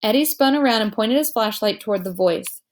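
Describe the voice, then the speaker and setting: A woman reading a children's novel aloud as narrator, telling it in a lively way and giving each character a voice. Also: fairly high pitch, fairly quick.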